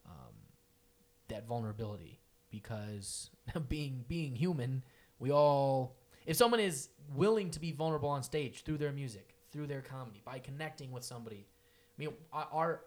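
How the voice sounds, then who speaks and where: A young man in casual podcast chat, animated and swearing, acting out quotes in a raised voice. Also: medium pitch, moderate pace. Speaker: podcast co-host, improv performer.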